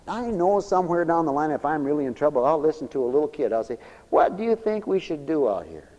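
Male preacher, animated sermon delivery, pitch on the high side, hall reverb. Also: fast, dull audio. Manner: swings from loud high exclamations to low murmurs.

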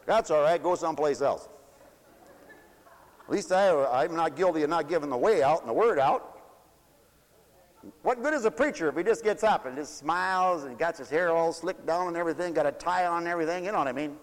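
A man preaching a fiery, folksy sermon. He swoops between loud declarations and mocking asides. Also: a little high, a little fast. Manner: folksy, shouting and swooping, mocks voices. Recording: long hall reverb.

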